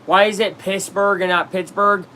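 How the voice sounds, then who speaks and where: A man casually commenting on a baseball game on a live stream, chatting with viewers and reacting loudly to plays. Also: fairly high pitch, measured pace.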